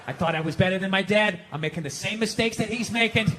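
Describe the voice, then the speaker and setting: Middle-aged man, Boston accent, stand-up comic with a very high voice, profane and ranting, faint hiss behind. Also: fast, hardly any pauses. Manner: profane, ranting, self-mocking, acts out voices. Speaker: stand-up comedian. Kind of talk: stand-up comedy routine.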